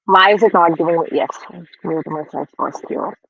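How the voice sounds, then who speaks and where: A man's voice: a little high, moderate pace, vocal fry, pushed and bright, highs cut off, slight background noise. A man hosting a casual livestream, talking frankly and chattily while snacking, a bit self-deprecating. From India. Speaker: livestream host. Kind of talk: casual live-stream commentary.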